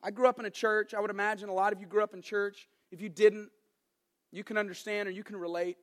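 A young adult man preaching a sermon as an animated, joking storyteller. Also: high-pitched, fast. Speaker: pastor.

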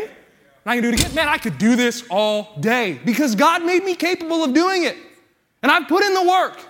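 High-voiced preacher, winded and earnest. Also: male voice, expressive, brisk, a bit bright. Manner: earnest, building, repetitive preaching cadence. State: out of breath. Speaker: pastor. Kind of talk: sermon with a live weightlifting illustration.

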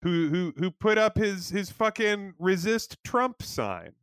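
A man's voice: sits high, animated, takes it slowly, fairly bright tone, clear, resonant tone, no echo. A man co-hosting a podcast, rambling loosely through a scene-by-scene episode recap and swearing casually. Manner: rambling, many fillers and restarts, swears casually. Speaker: podcast co-host.

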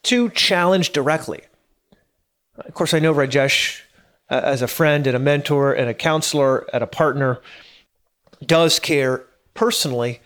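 A man in his thirties speaks with a voice that sits a little high for a man. He sounds earnest and driven, giving a casual motivational talk. He often stutters and repeats words as his thoughts race ahead. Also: a little slow, pauses often, fairly bright tone. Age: 30s. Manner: earnest, stammers and repeats words when worked up; laughs at himself now and then.

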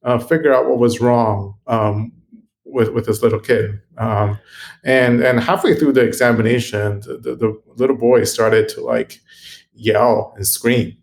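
Earnest man telling a story haltingly. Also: mid-range voice, fairly even intonation, vocal fry. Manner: earnest, halting with frequent ums and restarts. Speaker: guest, computational biologist. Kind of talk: interview storytelling.

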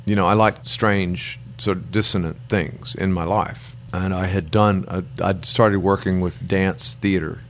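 A man's voice: deep voice, fairly even intonation, measured pace, hardly any pauses, a bit bright, a little hiss or hum. A middle-aged man, a songwriter guest, telling long rambling anecdotes and acting out the people he quotes. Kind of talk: relaxed storytelling in an interview.

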